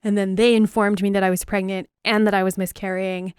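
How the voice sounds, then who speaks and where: A woman's voice: medium pitch, flat delivery, fairly quick, smooth, no echo. Young woman host, confessional storytelling, blunt and filler-laden with gallows humor, dry close-miked sound. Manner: frank, filler-heavy, dark humor. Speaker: podcast host. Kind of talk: candid personal storytelling.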